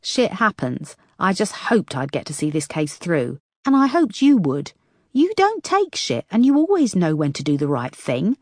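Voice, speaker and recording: A woman's voice: lowish voice, wildly swooping pitch, normal speed, darkish tone, no room sound, studio quality, pitched above the performer's own voice. A woman narrator voicing a blunt, wisecracking female detective who talks frankly and teases her boss. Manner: frank, teasing.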